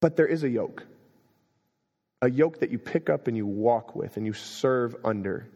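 A young adult man preaching a sermon, telling stories and swinging between quiet moments and emphatic ones. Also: mid-range voice, lively intonation, moderate pace, creaky. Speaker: pastor. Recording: long reverb of a hall.

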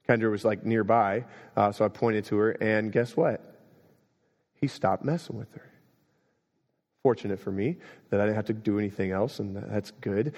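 A young adult man preaching a sermon, telling stories and swinging between quiet moments and emphatic ones. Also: on the low side, lively intonation, moderate pace, long pauses. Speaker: pastor. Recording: long reverb of a hall.

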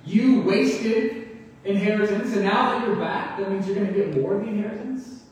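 A man's voice: a little high, lively intonation, normal speed, a little mellow, lightly acted. A man voicing a bitter, self-righteous grown son who complains indignantly. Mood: resentful. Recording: echoey hall, mic far off.

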